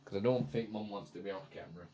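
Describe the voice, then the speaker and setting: A man's voice: fairly low pitch, fast, mellow. A man streaming from his home setup, chatting playfully into a desk microphone and slipping into baby talk with his son. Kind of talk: casual chat on stream.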